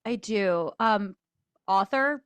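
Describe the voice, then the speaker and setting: A young woman podcast co-host with a mid-pitched, everyday voice, recorded dry and close. She chats playfully and loosely, full of fillers and offhand swearing. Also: expressive, takes it slowly, a bit bright, smooth, no echo. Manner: chatty, filler-heavy, playful, swears casually. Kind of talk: casual chat.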